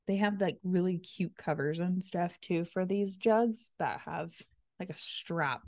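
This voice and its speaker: A woman in her thirties hosts a casual solo podcast in a low, unhurried, slightly mellow voice, with no room sound. Fresh from a workout class, she's energized, upbeat and chatty, full of filler words.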